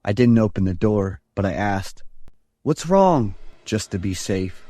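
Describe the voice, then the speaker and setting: A man's voice: deep voice, steady tone, moderate pace, dark tone. A man in his thirties telling a scripted first-person horror story in a casual, slangy way. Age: 30s. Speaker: narrator. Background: background music.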